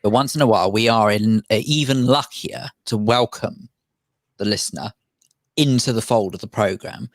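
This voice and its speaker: A man's voice: fairly low pitch, normal speed, no echo, clean studio sound. A man co-hosting a radio talk show, introducing a guest in an earnest, polite way. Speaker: radio co-host. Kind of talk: casual radio chat.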